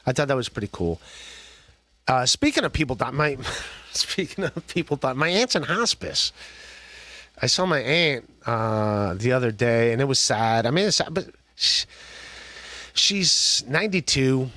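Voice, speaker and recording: A man's voice: mid-range voice, big pitch swings, measured pace, sharp tone, no echo. A man hosting a podcast, chatting casually and rambling with frequent laughs and restarts. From Ohio. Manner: rambling, laughs often, many restarts and fillers. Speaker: podcast host. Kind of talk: casual rambling livestream chat.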